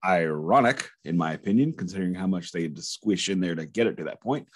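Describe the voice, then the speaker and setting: A man co-hosting a music podcast, talking in halting, joking bursts with frequent restarts. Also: deep voice, lively intonation. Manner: halting, joking, self-interrupting. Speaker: podcast co-host. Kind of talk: casual album review chat.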